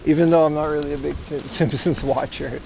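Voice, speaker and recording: Chatty streamer walking outdoors. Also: male voice, fairly high pitch, steady tone, fairly quick, vocal fry, dark tone, slight background noise. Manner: chatty, joking, talks to chat. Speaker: livestreamer. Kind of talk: casual IRL stream chat. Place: outdoors on a street.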